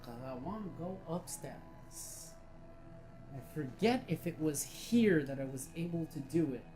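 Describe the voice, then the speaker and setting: A woman's voice: low-pitched, expressive, a little slow, music in the background, low-quality recording. A woman giving casual, enthusiastic commentary while playing a virtual reality game, chatty and swearing freely. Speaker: VR game reviewer.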